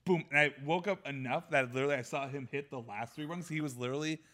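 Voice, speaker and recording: Bright-voiced man telling animated stories. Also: fairly high pitch, fast. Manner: animated storyteller, laughs often. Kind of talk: casual chat.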